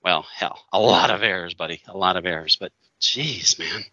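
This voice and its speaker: A man co-hosting a casual chat, telling an anecdote with lively acted-out quotes and frequent laughter. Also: low-pitched, normal speed, no room sound, highs cut off. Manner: animated, acts out quoted voices, laughs often. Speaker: podcast co-host.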